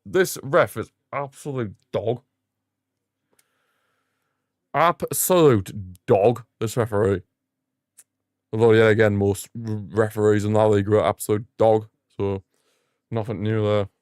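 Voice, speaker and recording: A young man hosting a live football watchalong, giving excitable fan commentary and ranting at the referee. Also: on the low side, a little slow, no echo, studio quality. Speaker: watchalong host.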